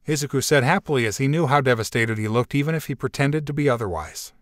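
A man reading a fan fiction story aloud in an even, steady narrating voice. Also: medium pitch, a little fast, hardly any pauses, no echo, clean studio sound.

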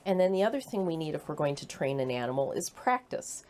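A woman giving a patient, clear presentation to children about how animals learn. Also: low voice, very animated, quick pace, darkish tone. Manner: clear, patient explaining with playful acted quotes. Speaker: humane society educator.

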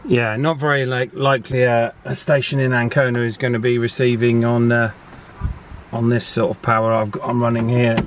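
A man's voice: mid-range voice, level tone, normal speed. An easygoing man talks casually to his camera while out on a hilltop. He thinks aloud in a loose, chatty flow, with a faint hiss behind him. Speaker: radio hobby vlogger. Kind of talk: casual vlog narration. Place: outdoors on high ground.

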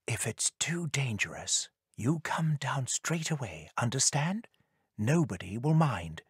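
A woman voicing a cautious, protective father elf in a read-aloud storybook, speaking in a hushed, low, gravelly voice. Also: sing-song, slow, dry recording, clean studio sound, exaggerated voice.

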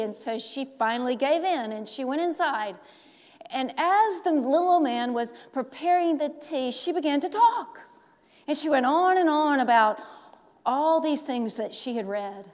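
A woman pastor preaching a sermon, telling a story slowly with dramatic pauses. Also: sits high, lively intonation, darkish tone. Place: large church sanctuary. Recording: long church hall reverb.

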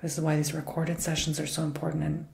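Gravelly soft-whispering man, ASMR healer. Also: fairly high pitch, flat delivery, fast talker, roomy sound. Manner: soft, mostly whispered, meandering and reassuring. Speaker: ASMR Reiki healer and tarot reader. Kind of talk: ASMR healing session.

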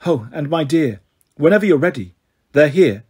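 A man voicing a wise, patient male centaur teacher in an audiobook, speaking in a measured, firm and gently insistent way. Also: on the high side, animated, slightly rough. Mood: grave, gentle. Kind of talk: audiobook character reading.

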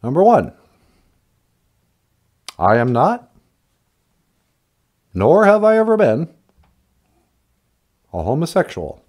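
A man doing an impression of a former male president, speaking slowly and deliberately with pauses between words. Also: on the high side, huge pitch swings, a little mellow, heavily acted. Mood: solemn.

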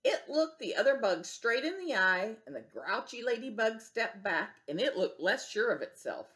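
A woman preschool teacher reading a picture book aloud to young children, gentle and expressive, asking them questions. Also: medium pitch, normal speed, hardly any pauses.

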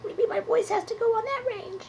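A woman's voice: extremely high pitch, a little fast, vocal fry, darkish tone, dull audio, a little hiss or hum, pitched above the performer's own voice. A woman voicing a shy blue furry puppet creature, unsure and playful as she searches for its voice in improvised comedy. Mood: silly.

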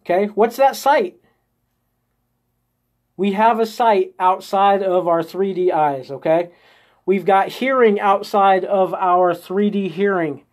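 A man's voice: high voice, slow pace. Man, live-stream host, spiritual coaching, coaxing, step-by-step guidance, frequent check-ins with viewers. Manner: coaxing, checks in constantly with "okay?" and "right?"; guides listeners step by step through an inner exercise. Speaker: host of a live group session.

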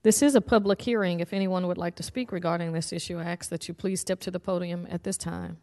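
A woman, a city administrator, chairing a public meeting and reading agenda items in a measured way. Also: fairly low pitch, steady tone, warm tone. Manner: measured, reads items out slowly. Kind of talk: formal public meeting procedure.

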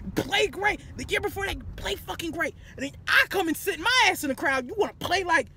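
High-pitched woman ranting in a car. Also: expressive, fast. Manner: loud, profane, exasperated ranting. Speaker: vlogger. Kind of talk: venting casual chat in a car. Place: inside a car.

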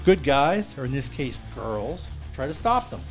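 A man's voice: mid-range voice, very animated, a little slow, faint music behind. A man reviewing a film on a podcast, laid-back and jokey in casual chat.

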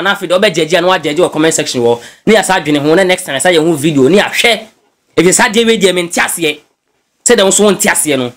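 A man with a high-pitched voice gives lively gossip commentary as a blogger. He talks in an animated, chatty way and drops English phrases in as he goes. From Ghana. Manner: animated, mixes English phrases into his talk. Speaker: news blogger.

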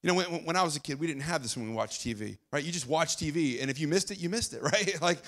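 Bright gravelly-voiced male preacher. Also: fairly high pitch, animated, fast talker. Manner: conversational preaching, repeats phrases, drops to quiet for emphasis. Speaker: pastor. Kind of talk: sermon. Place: church auditorium.

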